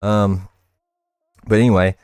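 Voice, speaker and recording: A man's voice: fairly low pitch, little pitch movement, takes it slowly, darkish tone, clear, resonant tone, dry recording, studio quality. A young man chatting casually and rambling on a livestream, swearing and calling listeners "bro.". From United States. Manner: rambling, profane, says "bro" a lot. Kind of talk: casual chat while gaming.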